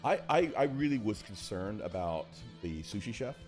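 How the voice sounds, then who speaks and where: Animated man telling a story. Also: moderate pace, over music. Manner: animated storytelling, jumps between high and low. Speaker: livestream co-host. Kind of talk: casual chat.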